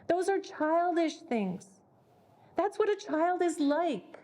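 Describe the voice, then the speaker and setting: A woman's voice: very high-pitched, animated, slow, darkish tone. A woman leading a parenting workshop, speaking earnestly and repeating words as she thinks. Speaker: workshop leader.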